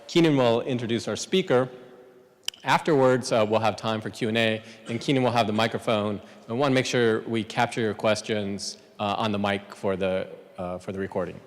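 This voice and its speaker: Relaxed male professor opening an event. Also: fairly low pitch, moderate pace, in a large hall. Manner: relaxed, chatty, with fillers. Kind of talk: casual opening remarks. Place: university lecture room.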